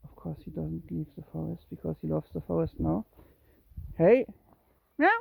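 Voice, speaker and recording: A cat owner filming a kitten walk on a handheld phone outdoors at dusk, coaxing the kitten with calls and high meows. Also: completely flat delivery, brisk, vocal fry, slightly rough, dry recording. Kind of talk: casual narration while walking. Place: outdoors in woods and grass at dusk. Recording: tinny phone-like sound.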